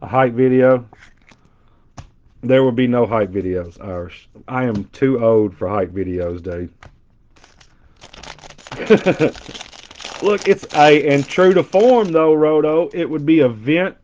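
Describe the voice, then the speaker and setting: A man's voice: mid-range voice, slow, long pauses. A middle-aged man with a Southern twang, joking and bantering with his chat while opening a box of trading cards. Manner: joking, animated banter with chat, loud impressions. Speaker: card breaker. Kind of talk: casual live card-break chat. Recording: dull lo-fi stream audio.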